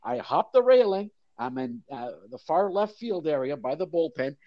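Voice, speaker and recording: An older man telling a lively anecdote in an interview, acting out voices of the crowd. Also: sits high, moderate pace, vocal fry, dry recording, highs cut off. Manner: animated storyteller, acts out crowd voices. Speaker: guest, mascot performer. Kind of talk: storytelling interview.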